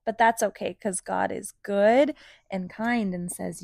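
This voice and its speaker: A woman reading a children's picture book aloud, gentle and animated, pausing to ask questions. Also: medium pitch, gravelly, no echo, studio quality. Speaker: storybook reader for children.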